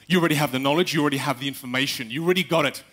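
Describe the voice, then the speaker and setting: A young man giving a live talk on stage, animated, acting out little quotes and speaking straight to the audience. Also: fairly high pitch, racing. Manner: animated, acts out quotes, addresses the audience directly.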